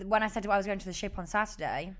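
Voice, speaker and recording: A woman's voice: medium pitch, fast, a bit bright. A woman co-hosting a casual chat podcast, chiming in with questions and recommendations. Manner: chatty, chimes in with questions. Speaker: podcast co-host.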